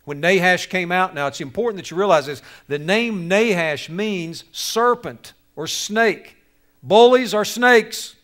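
High-pitched animated preacher man. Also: unhurried, few pauses. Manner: animated, acts out characters, jokes with audience. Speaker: speaker to youth on bullying. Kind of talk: lively sermon storytelling.

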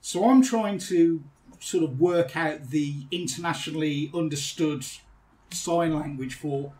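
A man's voice: fairly high pitch, unhurried, darkish tone, recorded from a distance. Chatty British man telling stories. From Britain. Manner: chatty anecdotal storytelling, laughing often. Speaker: podcast host. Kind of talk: casual chat.

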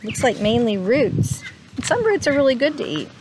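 A woman reading a picture book aloud to children, slow and expressive, stopping to ask her listeners questions. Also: fairly high pitch, background noise.

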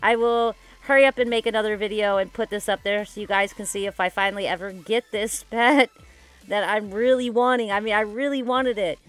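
A woman vlogging her gameplay casually, excitable and dramatic, rambling with lots of "like". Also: mid-range voice, fairly quick. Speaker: gaming YouTuber. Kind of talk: casual game commentary vlog.

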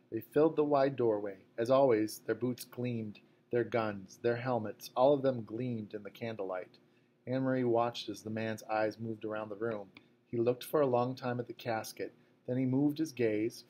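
A man reading a novel aloud at a measured, fairly quiet pace. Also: mid-range voice, fairly even intonation, slight background noise. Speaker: audiobook narrator. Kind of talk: scripted narration.

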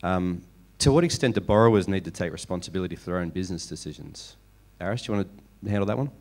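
A man's voice: deep voice, expressive, fast talker. A man moderating a finance panel, posing questions to the speakers.

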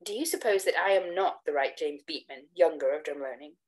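A woman voicing a tipsy, flustered young gentleman who protests emphatically. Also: sits low, fairly quick, lightly acted. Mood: indignant.

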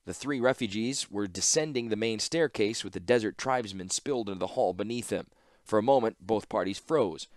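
A man narrating a fantasy story in audiobook style, steady and measured. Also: on the low side, no echo, studio quality.

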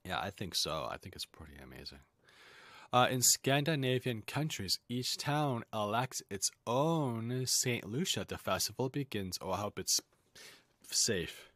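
A man with a lowish voice reads aloud in a casual lesson, breaking off into chatty, jokey asides. His pitch swings up and down a lot as he talks. The sound is dry and close. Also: very animated, a little slow, fairly bright tone, no room sound. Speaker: host.

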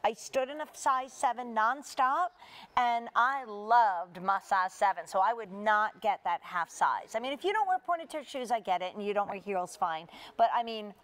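A chatty woman hosting a live home shopping broadcast, talking in a slightly high voice. She keeps a bubbly, persuasive sales patter going as she shows off the shoes. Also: animated, normal speed, a bit bright. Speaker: shopping channel host.

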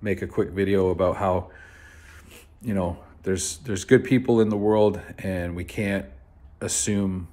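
A man with a deep, low voice tells a personal story straight to camera. He is from Canada and talks in a loose, rambling way, full of fillers like "uh" and "so," with the odd curse word thrown in. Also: steady tone, unhurried, dark tone. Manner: laid-back, rambling, with frequent fillers and swearing. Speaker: vlogger.

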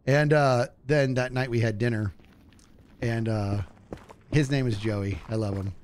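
A man streaming a game, telling a story in a casual way and acting out the people in it with a higher voice, laughing often. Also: measured pace, slight background noise. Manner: animated, acts out quotes in a higher voice, laughs often. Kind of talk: casual storytelling while gaming.

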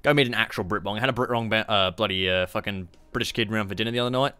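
A man's voice: fairly low pitch, rapid-fire, sharp tone, clean tone. A young Australian man giving rambling, profane, joking commentary on a strategy game during a live stream. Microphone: streaming microphone.

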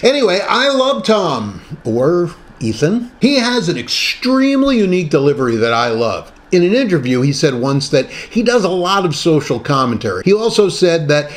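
A man co-hosting a comedy talk show, tossing out playful asides. His voice sits a little high and swings widely in pitch as he chats. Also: sing-song, normal speed, hardly any pauses. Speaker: co-host. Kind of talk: casual comedy review chat.

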